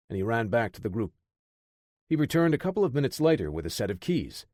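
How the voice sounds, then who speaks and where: A man narrating an action audiobook in a steady, measured voice. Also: on the low side, no room sound, studio quality.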